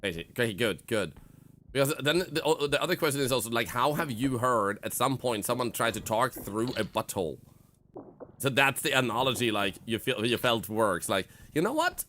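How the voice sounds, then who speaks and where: A man's voice: medium pitch, moderate pace, pushed and bright, slight background noise. A Swedish man streaming a game in English, rambling and joking with his chat. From Sweden. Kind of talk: casual live-stream chat.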